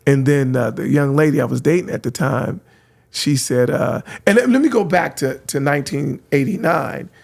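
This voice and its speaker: A middle-aged man from San Francisco, a radio host telling lively stories, acting out voices and laughing often. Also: fairly high pitch, normal speed, creaky. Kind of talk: animated storytelling.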